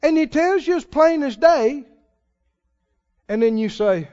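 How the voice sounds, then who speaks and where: Preacher, male, very high voice, slow deliberate delivery, dull lo-fi sound. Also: animated, long reverb tail. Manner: preaching with dramatic swings between loud and hushed. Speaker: pastor. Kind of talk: sermon. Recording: dull lo-fi sermon recording.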